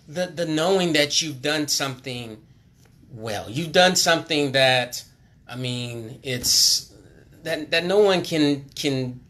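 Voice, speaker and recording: Earnest man giving a bright unscripted plea. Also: medium pitch. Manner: earnest, repetitive, preachy, drops to hushed tones. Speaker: car salesman on a charity livestream. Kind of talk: impromptu motivational appeal.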